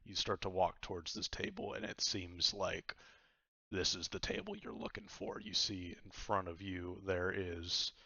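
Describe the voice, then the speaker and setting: A man's voice: sits low, steady tone, a little slow, vocal fry, sharp tone, husky, no room sound, highs cut off. A man narrating a tabletop game as game master, describing scenes in a rambling way full of fillers.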